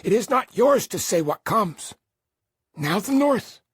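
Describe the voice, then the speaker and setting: A solemn old Lakota elder speaks in a very breathy, husky voice, as a woman voices him for an audiobook. He talks slowly and gravely, his pitch rising and falling widely as he presses his commands. The sound is dry and close. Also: big pitch swings, dry recording, exaggerated voice. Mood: solemn, commanding. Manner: grave, slow, insistent instructions. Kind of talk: audiobook character voice.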